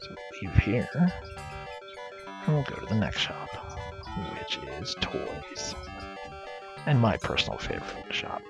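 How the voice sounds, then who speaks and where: A man's voice: lowish voice, sing-song, unhurried, gravelly, long pauses. A man giving casual commentary over an adventure game, jokingly paraphrasing the characters' dialogue. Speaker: let's play commentator. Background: game music.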